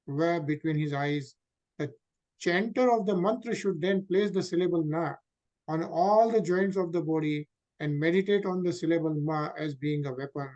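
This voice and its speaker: A man leading a scripture study group, explaining verses and asking the group questions, with many fillers. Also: sits high.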